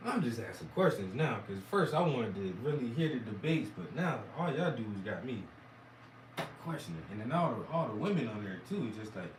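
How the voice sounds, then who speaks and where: A hoarse man giving crude, mocking reaction commentary in a rambling rant. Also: medium pitch, big pitch swings, moderate pace, roomy sound, distant mic, background noise. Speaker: commentator reacting to debate clips.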